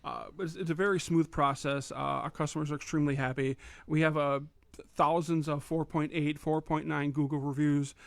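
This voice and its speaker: A man's voice: a little high, fairly even intonation, a little fast, creaky, dry recording. A man from a cabinet company talking up his service on a radio show, with many fillers. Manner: eager, filler-heavy sales talk. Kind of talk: casual radio interview.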